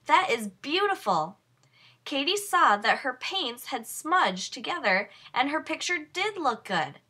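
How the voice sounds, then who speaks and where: A woman reading a children's picture book aloud in slow, expressive storytelling. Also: sits high. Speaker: storybook reader. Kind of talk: children's read-aloud narration.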